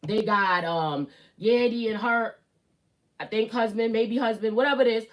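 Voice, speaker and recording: A thirty-something woman from Brooklyn, New York, hosts a casual YouTube live stream with a Brooklyn accent, speaking bluntly, swearing and repeating herself for emphasis. Her voice sits on the high side at a moderate pace, and the sound is lo-fi.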